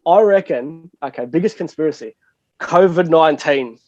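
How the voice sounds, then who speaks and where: A young Australian man with a fairly high voice and darkish tone speaks at a moderate pace. He's a DJ and producer guesting on a podcast, rambling casually, mocking himself and swearing freely, in a dull, lo-fi, dry recording.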